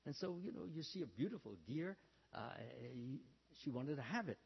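A man giving a storytelling sermon, talking haltingly with many fillers and restarts, and acting out the lines he quotes. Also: fairly high pitch, sing-song, breathy edge. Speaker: religious speaker. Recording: dull, reverberant hall sound.

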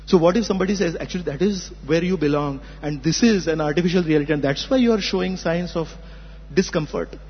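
An earnest man with a high, slightly husky voice gives a spiritual discourse, explaining by asking rhetorical questions. He sounds muffled, with a long reverb trailing each phrase. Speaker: spiritual teacher. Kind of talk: philosophical discourse. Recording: muffled hall recording.

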